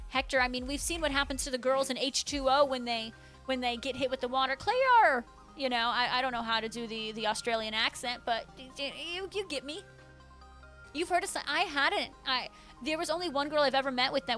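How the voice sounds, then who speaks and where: A woman's voice: high voice, pushed and bright. A woman livestreamer casually chatting and answering her chat, full of "like" fillers and bursts of surprise.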